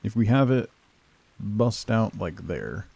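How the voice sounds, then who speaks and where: Mellow-voiced man streaming a game. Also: fairly low pitch, very animated, slow pace, vocal fry, slightly rough, no room sound. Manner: playful, teasing chat with viewers; soft cooing baby talk to a pet. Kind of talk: casual gameplay chat.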